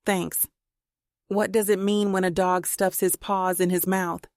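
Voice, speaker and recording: A woman's voice: medium pitch, level tone, unhurried, darkish tone, no echo, studio quality, lightly acted. A woman voicing a troubled, brooding male detective in an audiobook, speaking plainly and wearily.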